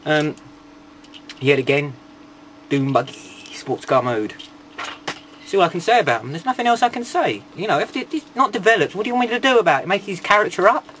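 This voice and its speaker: A man's voice: high-pitched, very animated, a little fast, a bit bright, a little hiss or hum. A man giving a casual toy review, rambling, with irreverent and sarcastic asides.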